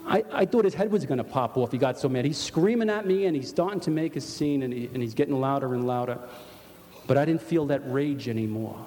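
An older New York-accented man tells his testimony to a congregation with earnest feeling and many restarts. His medium-pitched voice is expressive, a little fast and dark-toned, and the church hall gives it a long reverb.

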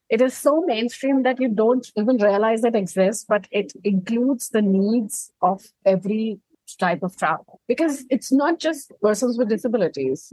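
A woman's voice: mid-range voice, a little mellow, no echo, rough recording. Earnest woman, dry close sound. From India. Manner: earnest, persuasive, speaks with conviction. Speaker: guest, founder of an accessible travel company. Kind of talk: conversational podcast interview.

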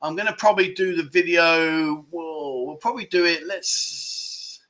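A man in his fifties with a bright, forceful voice pitched a little high, hosting a relaxed livestream. He talks candidly and chuckles often as he reads out comments from viewers. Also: measured pace. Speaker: livestream host. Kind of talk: casual live chat reading viewer comments.

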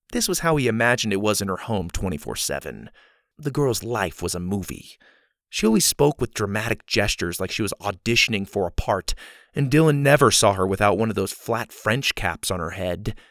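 A man narrating a children's story in an expressive, lively reading. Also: fairly low pitch, no room sound, clean studio sound.

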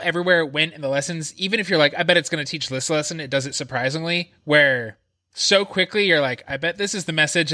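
Bright, quick-talking male movie panelist. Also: sits high, no room sound, studio quality. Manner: rapid, animated, acts out reactions. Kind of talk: casual movie podcast chat.

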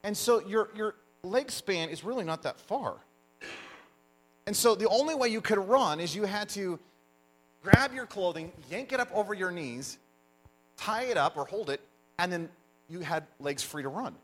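A man preaching a sermon, telling stories with animated emphasis as the pastor. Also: high-pitched, normal speed. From United States. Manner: animated storyteller, lively emphasis.

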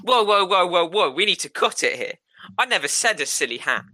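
A man co-hosting a podcast, talking excitably with exaggerated outrage and breaking into laughter. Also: high-pitched, fairly quick, dry recording. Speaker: podcast co-host. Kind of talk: improvised comedy sketch and casual chat.

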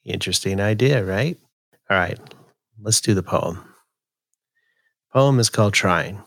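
This podcast host's voice sits on the low side, captured in a dry, clean studio recording. Unhurried and folksy, he chats casually before reading one of his own poems aloud.

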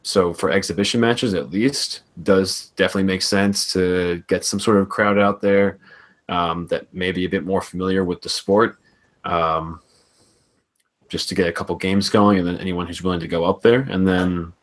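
Deep-voiced man, easygoing chat. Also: fairly even intonation, moderate pace. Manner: easygoing, explanatory, hedging with "I think". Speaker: podcast co-host. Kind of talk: casual chat.

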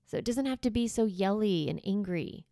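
A woman's voice: mid-range voice, animated, normal speed, vocal fry, mellow, dry recording, studio quality. A woman, likely in her thirties, casually giving parenting advice and acting out what a parent might say to a child. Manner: conversational, acts out what parents say to kids. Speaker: parenting coach.

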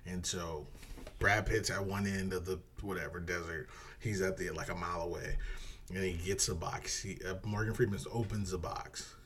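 Man, very deep voice, casual podcast chat, rambling storyteller, faint hiss behind. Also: fairly even intonation, moderate pace, a bit bright. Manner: rambling, laughs often, acts out quotes in a dropped voice. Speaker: podcast co-host. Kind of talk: casual chat, retelling a movie.

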